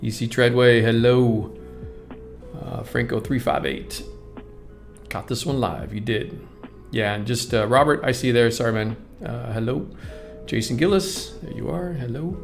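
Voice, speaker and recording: A man's voice: medium pitch, animated, measured pace, vocal fry, faint music behind. A man hosting a live stream, greeting viewers and reading their comments aloud in a casual, upbeat way. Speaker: livestream host.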